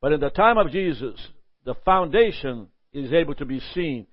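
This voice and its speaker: A man teaching a Bible lesson in a lively sermon style, often asking "Amen?" and chuckling. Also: on the high side, normal speed, dry recording, dull audio.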